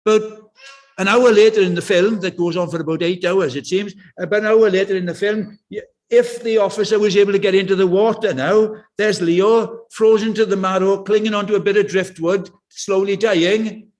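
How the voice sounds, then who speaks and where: An older British man preaching a sermon in a church, conversational and anecdotal with passionate swells. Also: high-pitched.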